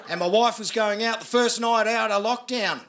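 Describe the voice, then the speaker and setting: A man's voice: high-pitched, moderate pace, noisy background. A middle-aged Australian man doing a brash stand-up comedy set, swearing freely and asking the crowd to agree with him. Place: live comedy venue with audience. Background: audience laughter.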